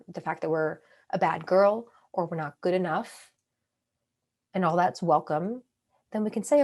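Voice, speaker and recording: A woman coaching a group on a call, speaking calmly and reflectively, sometimes acting out her own inner thoughts. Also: fairly low pitch. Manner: calm, reflective, acts out inner monologues.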